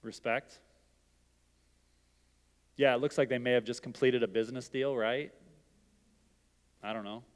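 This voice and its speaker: A man's voice: mid-range voice, steady tone, a little slow, pauses often. A middle-aged man giving an interactive sermon, talking casually and asking the audience questions. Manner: conversational, asks the audience questions. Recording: long hall reverb.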